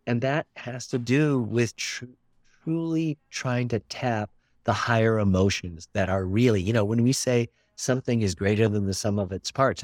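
Earnest older man, low dry voice. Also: no echo. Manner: earnest, expansive, repeats words for emphasis. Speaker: documentary filmmaker. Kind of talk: reflective interview talk.

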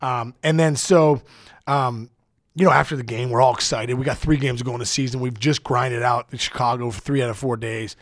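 A middle-aged man, a podcast guest, telling a rambling, excitable story in casual chat and acting out the quotes with big jumps in his voice. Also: medium pitch, moderate pace, no room sound, studio quality. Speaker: podcast guest, former baseball player.

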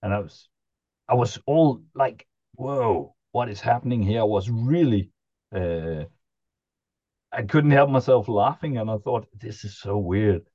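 A man, a podcast guest, telling a personal story in a halting, chuckling way with many restarts. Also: fairly low pitch, lively intonation, dark tone, no room sound, highs cut off. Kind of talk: casual storytelling.

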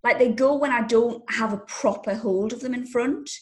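A woman's voice: on the high side, moderate pace. A woman, co-hosting a casual chat, telling riding stories in a blunt, jokey, sweary way. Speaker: podcast co-host and rider.

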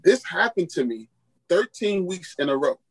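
Husky-voiced pastor telling a story. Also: male voice, high voice, normal speed, low-quality recording. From Queens, New York. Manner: animated storyteller acting out quoted dialogue. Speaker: pastor and podcast guest. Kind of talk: storytelling testimony in a podcast interview.

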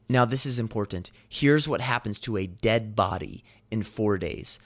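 A man preaching a sermon, earnest and emphatic, slowing down on key lines. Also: fairly low pitch. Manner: earnest, emphatic, slows for weight.

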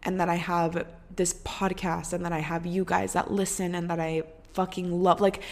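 This is a young woman with a slightly low voice, talking straight to her podcast listeners in a casual, heartfelt monologue. She swears freely and leans on filler words. She slows down and repeats herself to drive her points home. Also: little pitch movement. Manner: earnest, frequent swearing and "like" fillers; slows down for emphasis, repetitive. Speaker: podcast host.

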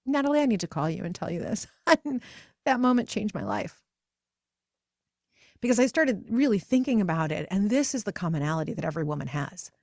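A woman's voice: gravelly, no room sound. Earnest pregnant woman host, dry close mic. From United States. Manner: earnest and emotional, pitch rising high when passionate. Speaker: podcast host. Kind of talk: personal storytelling monologue.

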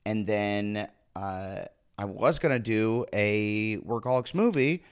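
A man's voice: fairly low pitch, takes it slowly, clean tone. A man from Nebraska, a podcast guest telling comic stories in casual chat, acting out the people he quotes. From Nebraska, USA. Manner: animated storyteller, acts out quotes.

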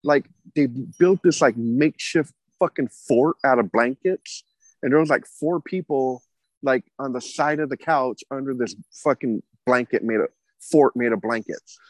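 Man, podcast host, casual storytelling, profane, laughs a lot, mid pitch, dry close mic. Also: moderate pace, no echo. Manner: profane, laughing, rambling anecdotes.

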